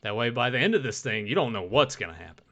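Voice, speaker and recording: A man from the American South co-hosts a casual podcast, and his Southern accent comes through. He jokes about himself in a bright, mid-pitched voice. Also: very animated, fast, muffled recording. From Southern United States. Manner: self-deprecating, joking. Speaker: podcast co-host.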